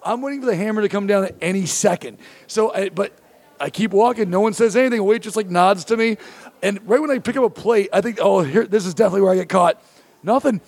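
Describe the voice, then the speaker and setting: High, gravelly-voiced man telling a comic story. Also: quick pace. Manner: animated, self-mocking anecdote with acted-out quotes. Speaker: podcast host telling a story. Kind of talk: comedic storytelling chat.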